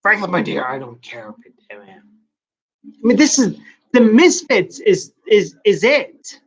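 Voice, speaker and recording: A man vlogging in a casual late-night monologue, rambling and confessional with hushed asides. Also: high-pitched, wildly swooping pitch, slow, breathy edge.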